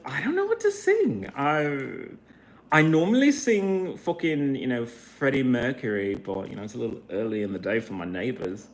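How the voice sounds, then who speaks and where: Meandering, self-questioning, swears a lot, slow, very animated pitch. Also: a little hiss or hum. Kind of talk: casual rambling monologue.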